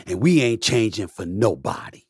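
A middle-aged man holds forth on his podcast with a slightly husky voice, hammering home points through repetition and pointed emphasis. His delivery swings from booming to hushed while staying preachy and forceful. The sound is dry and close, with no room around it. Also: big pitch swings, normal speed, dry recording. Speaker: podcast host. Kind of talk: impassioned monologue.

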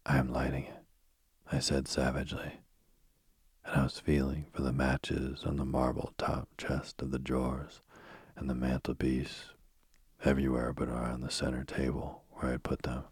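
A man reading a spooky bedtime story in a soft, slow, husky whisper, close to the mic. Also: rumbling low, monotone, no echo.

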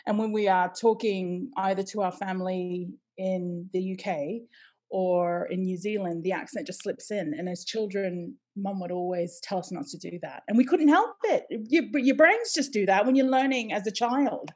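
A woman's voice: mid-range voice, normal speed. Chatty woman guest from Hawaii. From Hawaii, United States. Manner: chatty and animated, laughing often. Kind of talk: casual interview chat.

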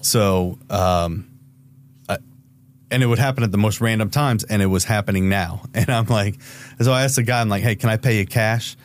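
A man telling a wild story as an investigator, swearing freely and acting out the quotes. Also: moderate pace. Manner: swears freely, acts out quotes with raised pitch. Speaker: private investigator guest. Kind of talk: casual storytelling interview.

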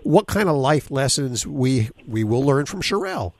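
A man's voice: mid-range voice, very animated, moderate pace, vocal fry, darkish tone, no room sound. A male radio host interviewing a guest, prompting him and adding reflective comments.

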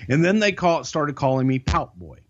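A man spins a swearing-heavy backstage story in an easygoing talk-show chat, his pitch rising and falling a lot. The audio is a little dull and lo-fi. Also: moderate pace. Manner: profane, animated storytelling. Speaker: podcast guest. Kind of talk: casual anecdotal storytelling.

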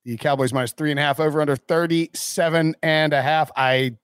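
A man in his thirties co-hosting a casual sports podcast, animated and ranting, mimicking the people he quotes. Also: fairly high pitch, a little fast, clean tone, dry recording, studio quality. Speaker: podcast co-host.

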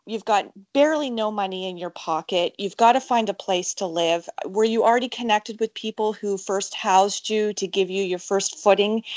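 A woman's voice: medium pitch, a little mellow, no room sound, lo-fi sound. Chatty woman podcast host, dry sound. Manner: encouraging, chatty, long winding questions. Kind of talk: interviewer questions.

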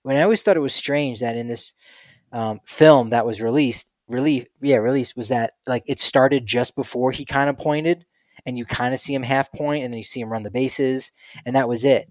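A man co-hosting a relaxed podcast conversation, spinning stories and slipping into playful quoted voices. His voice sits at an ordinary middle pitch, and the recording is close and dry. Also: moderate pace, dry recording. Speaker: podcast co-host. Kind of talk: casual chat.

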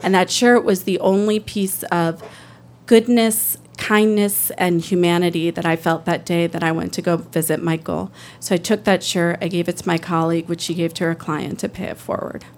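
A woman's voice: fairly low pitch, flat delivery, normal speed, a little hiss or hum. A woman, a public defender, telling a personal story live on stage in an earnest, emotional, conversational way. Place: stage before an audience.

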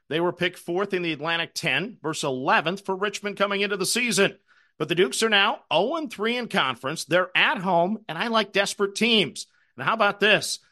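A middle-aged man with a high, bright voice talks through his betting card in a casual, chatty way. He pokes fun at his own losing streak and keeps the tone conversational. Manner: chatty, self-deprecating storyteller. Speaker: sports betting show host. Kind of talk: casual betting recap and picks.

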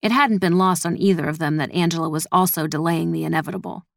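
A woman reading a story as a scripted narration in an even, measured manner. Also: sits low, creaky, no room sound, studio quality. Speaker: audiobook narrator.

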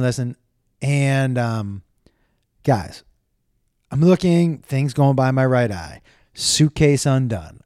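A man's voice: mid-range voice, no room sound, studio quality. A man hosting a live stream, telling a rambling, profane story to his viewers in a casual way. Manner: animated, profane, rambling with many restarts.

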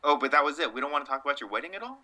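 With a crowd audible in the background, a young podcast co-host chats casually about sports in a slightly high, expressive voice. His humor is dry and wry, and he acts deliberately obtuse to get laughs.

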